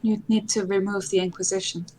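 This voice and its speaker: A woman's voice: medium pitch, flat delivery, fairly quick, mellow, soft background music. A woman playing her character in a tabletop game, talking casually and playfully and swearing freely. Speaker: player.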